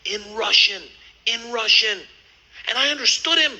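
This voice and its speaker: A middle-aged man telling a wild story as a stand-up comedian, loud and animated, yelling punchlines in high voices. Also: moderate pace, noisy background.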